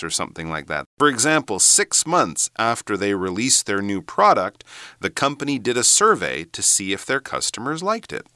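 A man's voice: on the low side, very animated, normal speed, sharp tone, clean tone, dry recording, studio quality. A man co-hosting an English lesson, explaining words with examples and jokey asides. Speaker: English teacher co-host. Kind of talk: bilingual language lesson chat.

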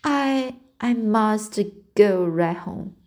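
A woman's voice: mid-range voice, extremely slow. A woman reading aloud voices a sick, dizzy young girl who stubbornly repeats herself in a storybook. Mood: dazed. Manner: flat, stubborn repetition.

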